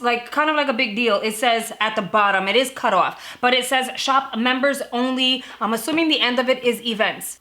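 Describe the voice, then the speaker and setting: Bright, chatty woman vlogger. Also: a little high. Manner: chatty, fast asides with frequent "like" and laughs. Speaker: beauty subscription box vlogger. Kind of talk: casual to-camera vlog.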